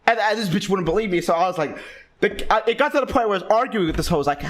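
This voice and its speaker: A man telling a rambling, crude and excitable story in a casual, profane style, often restarting his sentences. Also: high voice, rapid-fire.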